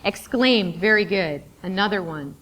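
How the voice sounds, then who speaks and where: In a classroom with a board, a woman runs an interactive workshop lesson, cheering students on and frequently praising their answers. Her mid-range voice is animated and slightly bright, and at times she rattles off long lists of words at speed.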